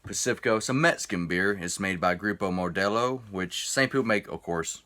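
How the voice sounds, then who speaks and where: Deep-voiced rambling man reviewing beer. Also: brisk, bright, forceful tone. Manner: rambling, chatty, self-interrupting. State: a little tipsy. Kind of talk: casual beer review vlog.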